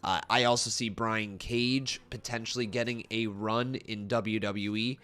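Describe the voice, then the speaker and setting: A man's voice: lowish voice, fairly even intonation, measured pace, fairly bright tone, clear, resonant tone. A young man hosting a casual wrestling watch-along stream, chatty and reading out viewer comments, his voice a little tired and strained. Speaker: live stream host. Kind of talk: casual live-stream chat.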